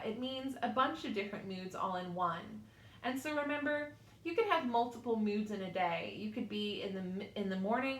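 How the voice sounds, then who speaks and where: A woman's voice: a little high, a bit bright, roomy sound. A woman instructor giving an online class lecture from a small studio, talking informally with fillers, personal asides and little laughs.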